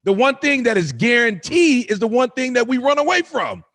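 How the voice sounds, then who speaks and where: A man's voice: very high voice, animated, moderate pace, a bit bright. A middle-aged man giving an impassioned motivational talk, repeating phrases for emphasis in a preaching cadence. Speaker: motivational speaker.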